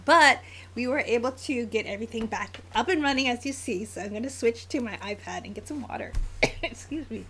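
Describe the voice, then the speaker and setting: A woman's voice: fairly high pitch, a little fast, a bit bright. A woman in her forties with an American accent, chatting casually on a live stream as a graphic novelist, with a scratchy throat and frequent fillers. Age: 40s.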